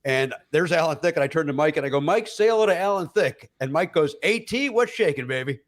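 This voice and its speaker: A middle-aged comedian man spins animated stories on a talk show. His voice sits a touch high, and he jumps into exaggerated voices for the people in his tales. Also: quick pace. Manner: acts out other people's voices, with many fillers and laughs. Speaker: comedian guest. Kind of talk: animated comic storytelling.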